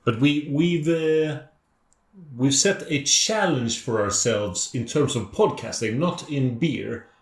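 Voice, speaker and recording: A man co-hosting a podcast in casual chat, wry and quick with short interjections. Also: medium pitch, animated, echoey room. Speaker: podcast co-host.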